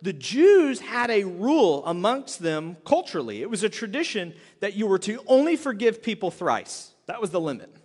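High-voiced man preaching in a reverberant church. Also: normal speed, few pauses. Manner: animated storytelling with acted quotes. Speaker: pastor. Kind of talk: sermon.

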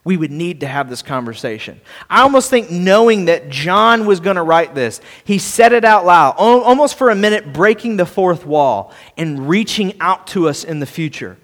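Pastor guy with a high voice giving a sermon, repeats himself a lot, big echoey church. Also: lively intonation, moderate pace, hardly any pauses. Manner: earnest, repeats and restarts words, swings between soft and loud.

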